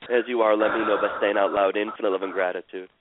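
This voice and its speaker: A man guiding a caller through a healing session, slow and soothing, repeating phrases like a chant. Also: lowish voice, flat delivery, background noise. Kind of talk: guided therapeutic session. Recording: tinny phone-line sound, dry.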